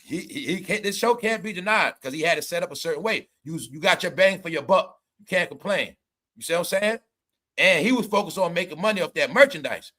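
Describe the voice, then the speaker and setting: A man's voice: high-pitched, lively intonation, fairly quick, sharp tone. A man giving casual, comedic commentary as a vlogger, rambling, swearing, laughing and stammering as he talks.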